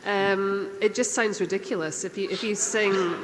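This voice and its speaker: A woman's voice: medium pitch, fairly even intonation, normal speed. A woman with a Scottish accent answering fan questions on a convention panel in a dry, chatty way that trips over its own restarts. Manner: dry, chatty, self-interrupting. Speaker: panel guest, singer and actress. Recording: reverberant hall with faint noise.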